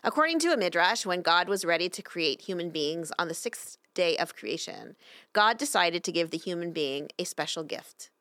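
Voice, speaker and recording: Casting: woman rabbi, middle-aged, low-ish voice, sermon delivery, dry close sound. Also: moderate pace, no echo. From Canada. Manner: storytelling, expressive voices for quoted angels. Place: synagogue sanctuary.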